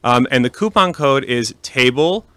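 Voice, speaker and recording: A man's voice: medium pitch, animated, normal speed, a bit bright, no echo. A man talking casually in an interview about founding his meat business, with many restarts and fillers. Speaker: kosher meat company founder.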